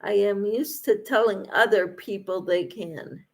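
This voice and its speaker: A woman's voice: medium pitch, unhurried. A woman crochet vlogger talking to her viewers in an earnest, reassuring way. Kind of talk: casual encouraging talk to camera.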